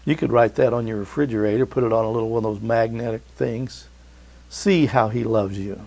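Gravelly-voiced man preaching a sermon. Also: lowish voice, steady tone, a little fast. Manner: preaching with swings from loud urging to hushed tenderness. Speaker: pastor.

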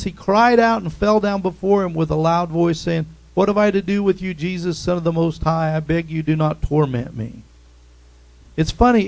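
A man preaching a sermon in an animated way, reading scripture and calling out amens. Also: on the high side, creaky, low-quality recording.

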